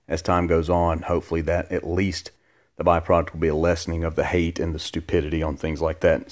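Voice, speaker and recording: A man hosting a casual podcast from his living room, joking and rambling as he answers listener questions. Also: low voice. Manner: joking, rambling, self-deprecating. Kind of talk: casual chat.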